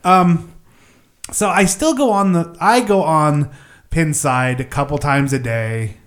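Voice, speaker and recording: A man's voice: on the high side, slow pace, a bit bright. Rambling, laughing podcast host man. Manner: rambling, self-mocking, laughs often. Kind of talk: casual chat.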